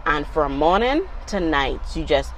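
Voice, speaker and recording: A woman's voice: sits low, lively intonation, unhurried, slight background noise, rough recording. Reflective middle-aged mother, chatty. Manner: reflective, talks with many "you know" fillers. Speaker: guest, mother of the host. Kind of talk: casual conversation.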